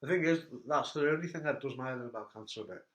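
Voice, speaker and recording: A man's voice: medium pitch, very fast. Man telling stories in an echoey room. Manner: animated storyteller, laughing at his own anecdotes. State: hurt back. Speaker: host. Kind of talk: casual chat.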